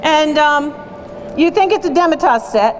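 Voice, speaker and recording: A woman with a very high voice works a crowd as an antiques appraiser, brash and quick with her teasing banter. A faint hiss of background noise sits under her. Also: lively intonation. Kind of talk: live comedic appraisal show with audience.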